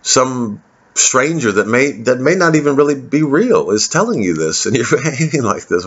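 A man's voice: mid-range voice, lively intonation, a little fast, a bit bright, husky. A male comedian delivering a rambling, sardonic monologue, cursing freely and drifting from topic to topic. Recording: dull lo-fi recording.

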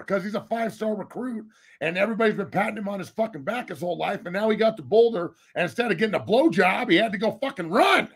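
A man's voice: sits high, expressive, quick pace, vocal fry, husky. A man talking football on a podcast as a guest, blunt and full of profanity. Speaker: guest, former football player. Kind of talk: casual podcast debate.

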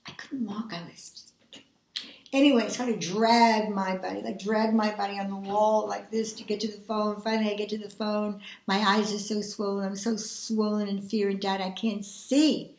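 A woman preacher giving a dramatic testimony, swinging between hushed whispers and loud exclamations. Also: medium pitch, flat delivery, moderate pace, roomy sound.

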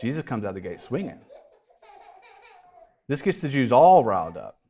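A pastor preaching a sermon in a dramatic storytelling way, with casual, joking asides. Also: male voice, medium pitch, sing-song, moderate pace, mellow.

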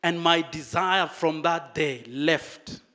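A man preaching a sermon, telling a story with dramatic pauses and lively emphasis. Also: a little high.

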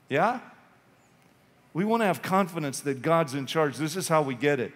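A man's voice: fairly high pitch, animated, moderate pace, pauses often. A male pastor preaching an impassioned, urgent sermon in a church sanctuary. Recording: long reverb of a church hall.

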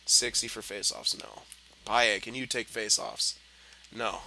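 Young male gameplay commentator, bright tense voice, swears and swings from mutters to shouts, faint hum behind. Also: on the low side, fairly even intonation, a little slow, vocal fry. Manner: frustrated, swearing, muttering then yelling at the game. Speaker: gaming commentator.

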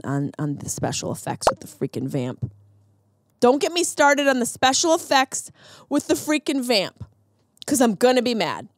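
A woman's voice: fairly high pitch, no echo, studio quality. A woman hosting a podcast, ranting with sarcastic comedic flair in a casual monologue. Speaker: podcast host.

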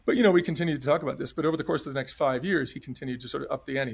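A man's voice: mid-range voice, racing, gravelly, breathy edge. A middle-aged man telling his story as an interview guest in an earnest, emphatic way, often acting out what others said. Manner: earnest, emphatic storyteller who acts out dialogue. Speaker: podcast guest, former restaurant chain executive.

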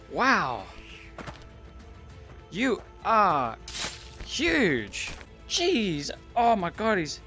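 Excitable high, lively male gamer. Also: slow, long pauses, soft background music. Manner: excitable, exclaiming and gasping while playing. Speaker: gaming YouTuber. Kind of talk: VR gameplay commentary.

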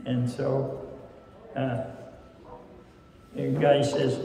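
A man preaching a folksy sermon at a rehab center, telling a joke story in a slow, plain-spoken way. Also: medium pitch, little pitch movement, mellow. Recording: echoey hall from far off.

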